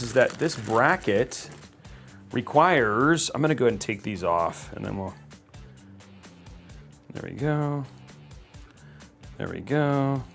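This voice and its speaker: A man's voice: medium pitch, a bit bright. Chatty, upbeat man hosting a livestream. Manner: chatty, upbeat, rambling with fillers. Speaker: livestream host building a PC. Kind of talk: casual live-stream chat. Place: studio.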